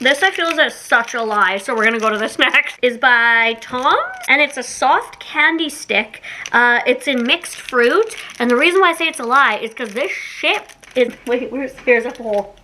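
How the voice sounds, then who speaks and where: Bright, giggly young woman vlogger. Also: high voice, a little hiss or hum. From Canada. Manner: chatty, giggly, self-mocking. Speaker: YouTuber doing a taste test. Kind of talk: casual taste-test vlog.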